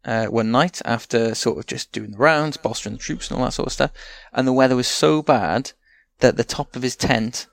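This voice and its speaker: A man's voice: mid-range voice, normal speed, gravelly, hardly any pauses. A man with a Welsh accent co-hosting a podcast, telling stories in casual, sweary, rambling chat. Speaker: podcast co-host.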